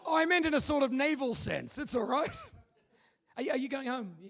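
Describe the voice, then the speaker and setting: An Australian man hosting a live comedy game show on stage, loud and playful, bantering with the crowd. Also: extremely high pitch, animated, a little fast, gravelly. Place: live convention stage with audience.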